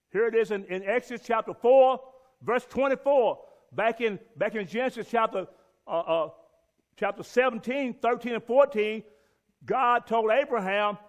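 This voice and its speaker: A man teaching a Bible lesson and reading scripture aloud, emphatic and repeating key words for stress. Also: very high-pitched.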